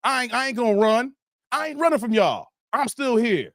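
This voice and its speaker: A man's voice: very high-pitched, lively intonation, normal speed, a bit bright, dry recording, clean studio sound. A man hosting a live stream, joking and laughing while reading chat aloud. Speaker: livestream host.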